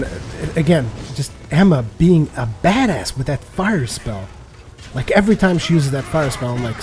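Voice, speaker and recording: A man giving casual, rambling voice-over commentary on his own gameplay, excitable and quick to swear. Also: mid-range voice. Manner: rambling and excitable, swears freely, repeats words. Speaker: let's play commentator.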